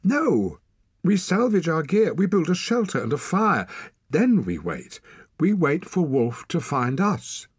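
A man's voice: medium pitch, huge pitch swings, takes it slowly, breathy edge, dry recording, clean studio sound, voice pushed up, full character voice. A man voicing a brave but shaken young girl in an audiobook, speaking urgently and pleadingly. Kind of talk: audiobook character voice.

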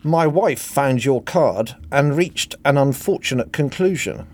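A man's voice: medium pitch, lively intonation, unhurried, pitched above the performer's own voice, lightly acted. A man voicing an earnest, humble young clerk in a satirical reading.

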